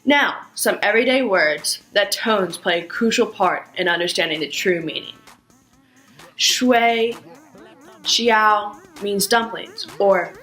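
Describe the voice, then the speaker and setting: A woman giving a scripted language lesson, speaking carefully and acting out sounds with exaggerated pitch swings. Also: fairly bright tone, faint music behind, rough recording. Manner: slow, careful, demonstrates tones with exaggerated pitch. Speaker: language teacher.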